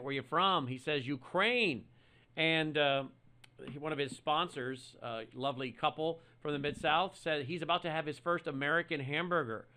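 A man's voice: fairly high pitch, sharp tone, clear, resonant tone. A man hosting a talk radio show in a studio, chatty and emphatic, telling stories and voicing opinions. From Mid-South US. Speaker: radio host.

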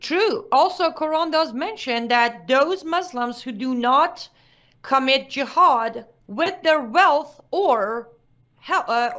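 High-voiced woman speaking with firm emphasis. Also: a bit bright. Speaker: guest commentator. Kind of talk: talk show discussion. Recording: dull lo-fi sound.

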